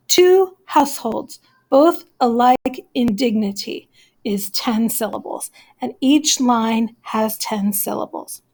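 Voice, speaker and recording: Woman teacher walking through a lesson real slow, kinda high voice, step by step. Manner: methodical, explains step by step and counts aloud. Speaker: English teacher. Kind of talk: recorded classroom lesson walkthrough.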